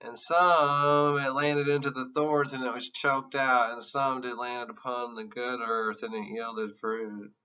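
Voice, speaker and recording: A man's voice: medium pitch, little pitch movement, measured pace, hardly any pauses, bright, forceful tone, clear, resonant tone, far from the mic, muffled recording. A man giving an emotional, earnest classroom lecture, candid and sometimes swearing. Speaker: teacher.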